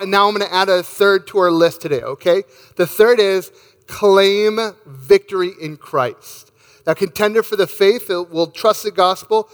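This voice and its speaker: A man with a fairly high voice delivers an emphatic sermon and reads scripture aloud. His voice rings out with a long reverb, as if he is in a large hall. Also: a bit bright. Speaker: pastor.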